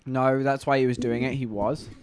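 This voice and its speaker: A man's voice: medium pitch, steady tone, normal speed, a little hiss or hum. A man with an English accent, chatting casually and rambling to viewers on a live stream. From England.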